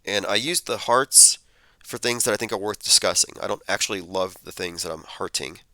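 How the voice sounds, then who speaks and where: A man's voice: deep voice, a little fast, sharp tone, no room sound. A man hosting a commentary show, casually reading headlines and posts and reacting with skepticism. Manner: skeptical, conversational, thinks aloud with fillers. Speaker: podcast host.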